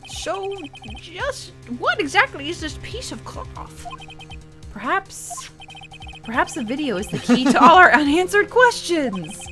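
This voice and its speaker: A woman's voice: very high voice, sing-song, measured pace, over music. Giggly Australian woman playing a game. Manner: giggly and playful. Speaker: let's play host. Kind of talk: casual gameplay commentary.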